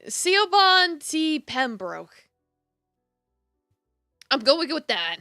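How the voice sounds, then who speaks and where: A woman streamer reading a visual novel aloud with expressive narration, broken up by casual asides and laughter. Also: on the high side, normal speed, dry recording, clean studio sound, soft background music.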